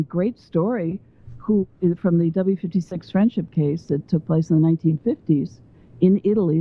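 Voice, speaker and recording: A woman guest on a phone interview who talks at length and wanders between points as she explains her ideas. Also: fairly low pitch. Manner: talkative and digressive. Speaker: guest author. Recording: tinny phone line.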